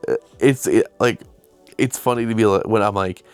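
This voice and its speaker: Low-voiced young man rambling casually. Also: moderate pace, clean tone, faint music behind. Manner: rambling, self-deprecating, acts out quotes. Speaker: video host and filmmaker. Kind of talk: casual storytelling to camera.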